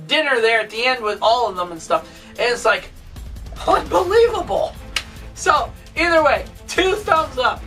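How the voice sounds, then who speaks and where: A woman giving a casual movie review, retelling scenes excitedly with swearing, sound effects and laughter. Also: on the high side, distant mic, rough recording.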